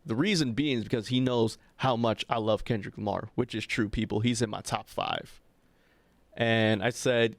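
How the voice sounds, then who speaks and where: A young man, co-hosting a podcast and telling a long personal story in a loose, animated way, often checking in with his co-host. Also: on the low side, moderate pace, gravelly, dry recording. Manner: animated, chatty, frequent "right?" asides to his co-host. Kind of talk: casual storytelling chat.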